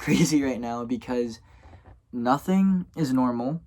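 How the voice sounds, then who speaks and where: A man's voice: medium pitch, normal speed. A young man from Louisiana, a college student vlogging to camera in a rambling, tired way, full of fillers and self-corrections. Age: young adult. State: tired and yawning. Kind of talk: casual vlog talk to camera.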